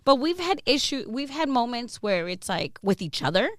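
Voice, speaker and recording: A woman radio host telling candid stories in a casual interview, animated and quick to laugh, swearing freely. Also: on the high side, dry recording, clean studio sound.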